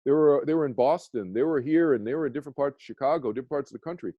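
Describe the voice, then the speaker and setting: A man's voice: medium pitch, very fast, dry recording, lo-fi sound. A man talking as a guest, explaining earnestly with frequent restarts and checking in with "okay?". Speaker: guest, meditation teacher.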